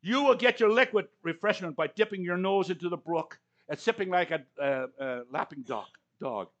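A man's voice: high voice, normal speed, a bit bright, muffled recording. A man preaching a sermon to a congregation, conversational and anecdotal, often stammering and acting out quoted lines. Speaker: pastor. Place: church service before a congregation.

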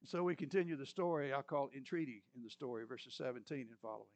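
A man preaching a sermon, retelling a Bible story with lively storytelling and joking asides. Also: mid-range voice, fast, no room sound.

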